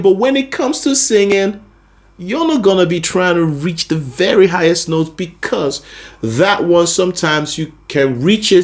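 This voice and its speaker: A man teaching a singing lesson, explaining vocal registers patiently and often checking that the listener is following. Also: fairly high pitch. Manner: explains patiently, often checking in with "you see what I'm saying?". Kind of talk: vocal lesson with sung demonstrations.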